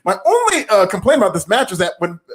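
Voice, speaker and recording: Dude on a wrestling podcast with strong opinions, high voice, talks real quick. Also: male voice, huge pitch swings, fairly bright tone, a little hiss or hum. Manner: emphatic and opinionated. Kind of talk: casual review chat.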